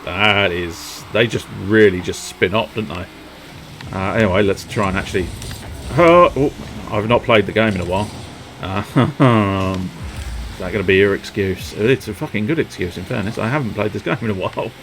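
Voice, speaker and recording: A man giving live gameplay commentary, excitable, sweary and self-mocking, with sudden yelps. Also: fairly low pitch, moderate pace, a little hiss or hum. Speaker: streamer.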